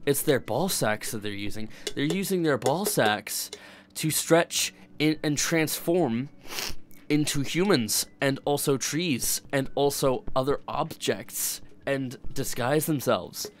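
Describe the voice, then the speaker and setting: Speaking at a slow pace in a medium-pitched voice, a young streamer chats casually. His talk wanders, is laced with profanity, and keeps cutting itself off and restarting.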